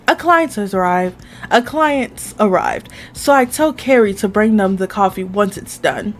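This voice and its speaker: A woman's voice: mid-range voice, animated, a little slow, a little hiss or hum. A woman hosting a gaming channel, reading a dating game aloud in the first person, with casual asides.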